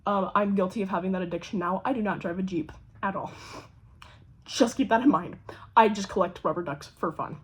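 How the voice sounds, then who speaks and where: Husky young woman telling a story. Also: mid-range voice, fairly quick. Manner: animated, swears a lot, acts out quoted voices. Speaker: vlogger. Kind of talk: casual storytelling.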